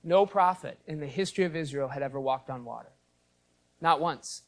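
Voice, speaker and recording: Male pastor, fairly high voice, teacherly sermon, explains and quizzes the congregation. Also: fairly quick. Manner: teacherly, explains the Greek and asks the congregation questions. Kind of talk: expository sermon.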